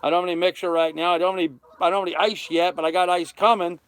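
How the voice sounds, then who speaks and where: A man's voice: high voice, fairly even intonation, racing, smooth. Chatty man hosting a boat livestream. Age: 30s. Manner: chatty, thanks viewers by name. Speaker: sailboat livestream host. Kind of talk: casual livestream chat reading comments. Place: on a sailboat cockpit.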